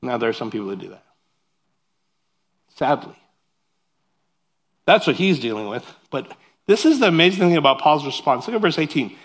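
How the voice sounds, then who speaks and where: Animated pastor preaching in a somewhat high voice. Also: male voice, normal speed, long pauses. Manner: animated and self-deprecating, with humorous asides; reads scripture aloud, then explains it. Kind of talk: sermon.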